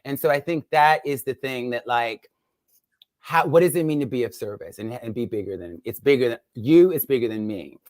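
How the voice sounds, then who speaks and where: A woman's voice: rumbling low, lively intonation, normal speed, a little mellow, no room sound. A woman in her fifties, a guest on a video call, chatting openly and telling candid stories with frequent laughter. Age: 50s. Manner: candid storyteller, laughs often. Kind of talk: casual chat.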